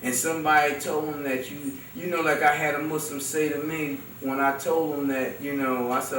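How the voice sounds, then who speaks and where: A man's voice: on the high side, moderate pace, few pauses. Male religious teacher, chatty storytelling sermon, distant roomy recording with faint background noise. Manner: animated storytelling, chuckling, conversational. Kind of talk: informal sermon with anecdotes.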